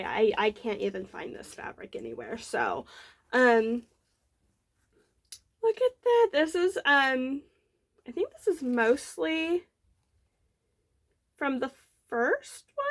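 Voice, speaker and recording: Woman, young, high-pitched, slow, gushing, filler-heavy show-and-tell. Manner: bubbly, rambling, many fillers, excited gushing. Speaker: knitting podcast host. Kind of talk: casual show-and-tell chat.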